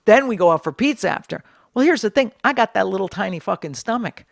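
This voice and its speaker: A middle-aged woman comedian in casual podcast chat, brash and profane, telling stories with lively quoted voices. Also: medium pitch, fast, vocal fry, dry recording, clean studio sound.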